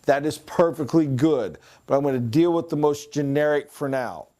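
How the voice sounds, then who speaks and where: Mellow-voiced man giving a sales lecture. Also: on the high side, normal speed. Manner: conversational, mimics accents and voices for illustration. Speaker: sales trainer. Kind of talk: recorded training lecture.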